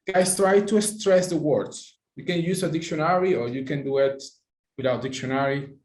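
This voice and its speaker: A man's voice: fairly high pitch, normal speed, darkish tone. Echoey male online pronunciation teacher. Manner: encouraging, praises students by name, non-native phrasing. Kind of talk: live online class. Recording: echoey room.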